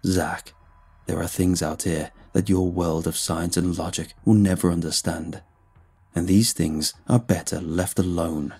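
A man voicing a menacing ancient shapeshifting being who poses as a male hermit, speaking slowly, low and ominous. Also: fairly even intonation, warm tone, breathy edge, faint music behind, full character voice.

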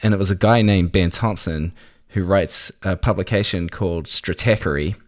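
A man, a guest in an interview, telling stories in a relaxed, conversational way. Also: low voice, normal speed. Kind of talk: relaxed storytelling.

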